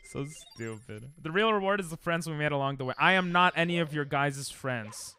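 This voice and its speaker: A man's voice: on the high side, expressive, normal speed, sharp tone, clean tone. A young man streaming a game live at home into a desk mic, joking crudely and sarcastically with chat and snapping at the game in frustrated outbursts.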